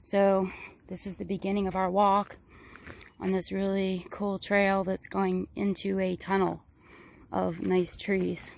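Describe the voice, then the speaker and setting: A woman vlogger rambles excitedly as she walks a wooded park trail, slightly winded, her mid-range voice carrying a gravelly edge. The outdoor recording picks up crickets and faint background noise.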